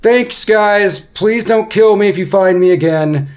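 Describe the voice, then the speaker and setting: A man voicing a frightened, blunt male deserter who talks loudly in a panic. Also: sits high, a little slow, voice pushed up. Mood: panicky.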